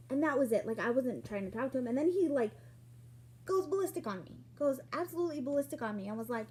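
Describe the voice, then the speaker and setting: A woman telling a personal story in a casual vlog, acting out what people said with sudden jumps in pitch and loudness. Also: normal speed, breathy edge. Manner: animated, acts out quoted lines with sudden jumps in pitch and loudness.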